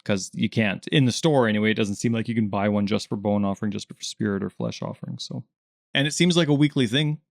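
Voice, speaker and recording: A man's voice: fairly low pitch, fast, creaky, no room sound. Chatty laughing man, dry close sound. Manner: chatty, laughs a lot, rambling. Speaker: podcast co-host. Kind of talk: casual gaming chat.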